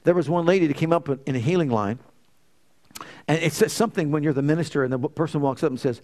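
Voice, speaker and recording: A man's voice: on the high side, quick pace. A man preaching a sermon, quoting scripture and leading the congregation in call-and-response.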